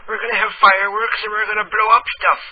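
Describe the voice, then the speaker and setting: A man's voice: high voice, level tone, quick pace, voice pushed up. A man putting on the voice of Ed, a pushy, rambling caller, for a prank phone call. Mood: insistent. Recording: tinny phone line with noise.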